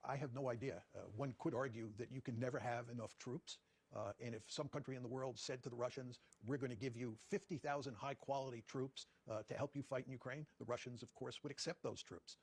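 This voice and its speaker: A man, a professor being interviewed, giving measured, deliberate answers and repeating his key points. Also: medium pitch, fairly even intonation, husky. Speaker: guest professor.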